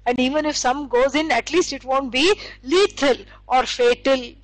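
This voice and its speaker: High-voiced woman teaching scripture. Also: normal speed, no room sound, low-quality recording. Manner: explanatory, storytelling with acted quotes, many fillers. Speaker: spiritual teacher. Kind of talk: scripture lecture.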